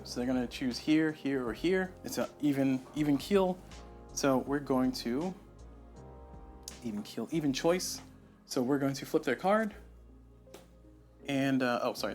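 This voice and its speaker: A man's voice: on the high side, darkish tone. A man streaming a solo board game playthrough, thinking aloud and muttering to himself on a lapel mic. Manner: thinking aloud, muttering, self-deprecating asides. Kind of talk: casual solo playthrough commentary. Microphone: lapel mic on shirt.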